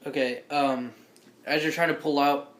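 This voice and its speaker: A man narrating as game master in a casual, halting way, now and then trying clumsy accents for side characters. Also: a little high, fairly even intonation, a bit bright. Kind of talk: narrating a tabletop role-playing game.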